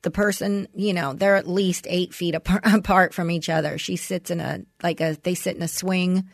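A woman's voice: lowish voice, steady tone, normal speed, vocal fry, no echo, clean studio sound. A middle-aged woman co-hosting a podcast, telling a long story with plenty of fillers and acted-out quotes. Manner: rambling storyteller, many "you know" fillers, acts out quotes. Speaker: podcast co-host. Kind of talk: casual chat.

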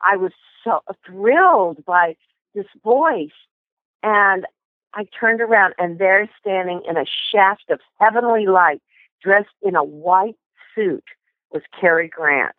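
An older woman, a guest in an interview, tells lively anecdotes and often restarts her sentences. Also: mid-range voice, takes it slowly, dry recording. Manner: animated anecdotes with many restarts. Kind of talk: storytelling interview. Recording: tinny phone line.

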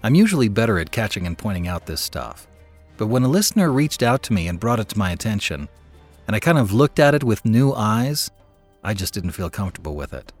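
A man's voice: lowish voice, sing-song, fairly quick, soft background music. Earnest man hosting an audiobook show. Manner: earnest, apologetic. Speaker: audiobook host. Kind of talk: podcast introduction.

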